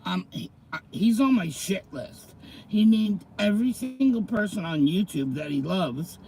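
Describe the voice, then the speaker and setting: A middle-aged man hosts a casual livestream in a slightly high, mellow voice. He talks slowly and easily, greets viewers by name and reads slang definitions aloud. Faint noise sits under his voice. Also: lively intonation, rough recording. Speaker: livestream host.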